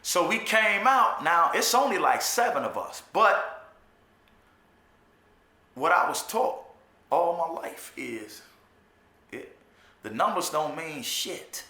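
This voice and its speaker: Slow and pausing often, a man with a slightly high voice retells his jail time in a casual storytelling monologue. The echoey recording captures his animated, profane street slang, his restarts and repetitions, and his habit of asking "you know what I'm saying."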